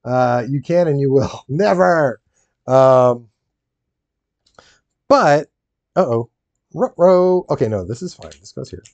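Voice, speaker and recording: Animated, rambling man chatting while building. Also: mid-range voice, slow pace, gravelly, long pauses, dry recording, muffled recording. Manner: rambling, animated, laughs often, talks to chat. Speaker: streamer building a Lego set. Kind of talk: casual live-stream chat.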